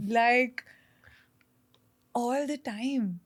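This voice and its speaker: A woman chats as a podcast guest, her voice sitting a little high. She talks in lively bursts, full of fillers and restarts. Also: normal speed. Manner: chatty, animated, many fillers and restarts. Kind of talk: casual conversation.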